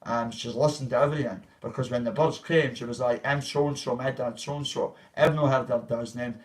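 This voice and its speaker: A man's voice: medium pitch, steady tone, moderate pace. A man telling a story to his livestream viewers in a rambling, profane way, acting out what others said. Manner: rambling, profane, acts out quoted voices. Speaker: vlogger. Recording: voice a bit far from the mic.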